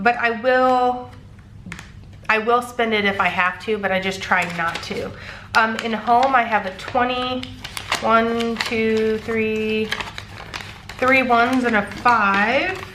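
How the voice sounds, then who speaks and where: A woman's voice: fairly high pitch, pushed and bright, roomy sound, slight background noise. A congested woman casually talking through her weekly cash budget, counting bills aloud with frequent ums. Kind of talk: casual chat.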